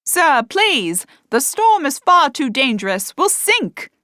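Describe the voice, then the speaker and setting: A woman's voice: on the high side, big pitch swings, slow, bright, forceful tone, no room sound, studio quality, pitched above the performer's own voice, exaggerated voice. A woman voicing a frightened male first mate on a ship, who pleads anxiously with his captain in an audiobook. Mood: pleading. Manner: pleading, worried.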